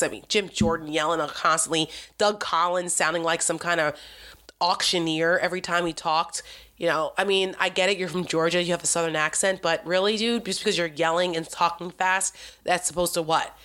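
A woman with a slightly low voice delivers a heated political monologue. She sounds exasperated and sarcastic and leans hard on her emphasis. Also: a bit bright. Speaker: political commentator. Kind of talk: opinionated monologue.

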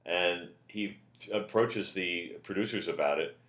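A man, a comedian, telling a story in casual chat, loud and animated when he quotes people. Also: sits low, measured pace, reverberant. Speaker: comedian guest.

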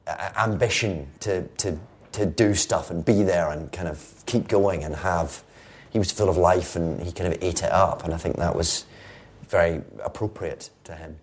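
A Scottish actor, a guest on a podcast, talking casually with wry, playful humor. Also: male voice, sits low, moderate pace. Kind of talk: casual interview chat.

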